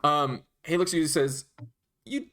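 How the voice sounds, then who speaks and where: A man narrating a tabletop game as dungeon master, animated and quick to laugh. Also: medium pitch.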